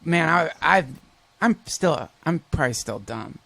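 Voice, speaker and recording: A man hosting a podcast, chatting casually and telling stories in an animated, profane way. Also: on the high side, a little slow, gravelly, noisy background. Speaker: podcast host. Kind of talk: casual conversation.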